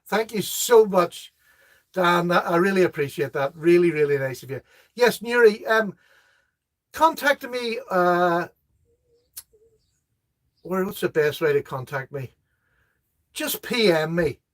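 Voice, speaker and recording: Chatty high-voiced man. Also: expressive, measured pace, long pauses, fairly bright tone. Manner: chatty, laughs at jokes, reads viewer comments aloud. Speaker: host of a live knife chat. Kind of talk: casual live-stream chat.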